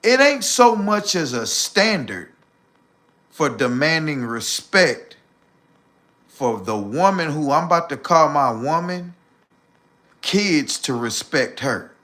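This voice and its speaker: Male livestream host, AAVE, blunt preachy delivery with heavy profanity; bright, fairly high voice. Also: very animated, slow pace, long pauses. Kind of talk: casual livestream rant.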